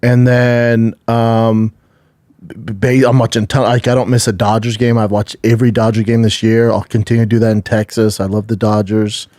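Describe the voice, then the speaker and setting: A man's voice: lowish voice, little pitch movement, normal speed, a little mellow, dry recording, clean studio sound. A man co-hosting a podcast, chatting casually and telling candid, laid-back stories. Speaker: podcast co-host and comedian. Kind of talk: casual chat.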